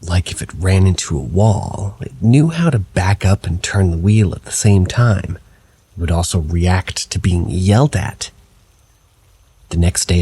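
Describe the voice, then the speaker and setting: Scripted first-person paranormal stories are narrated by a man whose husky voice stays low and even in a storytelling style.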